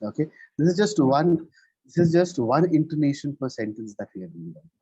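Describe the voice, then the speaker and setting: A man's voice: a little high, big pitch swings, brisk, mellow, husky, no room sound. A man teaching English pronunciation in a one-on-one lesson, patient and checking in often with "right?". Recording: dull lo-fi sound.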